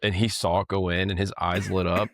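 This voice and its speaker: Gravelly low-voiced man, podcast host. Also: level tone, fairly quick, a bit bright. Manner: rambling, laughing storyteller. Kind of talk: casual chat.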